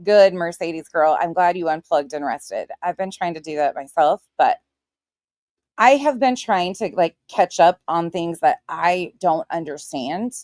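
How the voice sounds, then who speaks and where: A woman's voice: lowish voice, unhurried, darkish tone, dry recording, clean studio sound. A woman in her forties hosting a casual livestream, greeting viewers one by one by their chat names and speaking bluntly with plenty of swearing. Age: 40s. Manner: blunt, profane and defiant. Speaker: livestream host.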